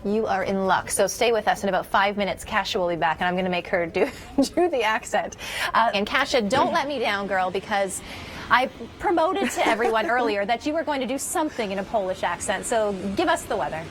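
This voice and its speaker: A woman's voice: mid-range voice, lively intonation, a little fast, slight background noise. A woman hosting a morning news show from the studio, joking with a colleague in a playful way and laughing often. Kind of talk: live studio banter.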